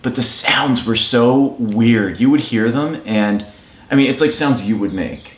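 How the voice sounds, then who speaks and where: Man, mid-pitched, teasing, talkative boyfriend, echoey room. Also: unhurried, a little hiss or hum. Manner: chatty, teasing, enthusiastic storyteller. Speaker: vlogger's boyfriend. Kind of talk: casual couple Q&A chat. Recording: roomy echo.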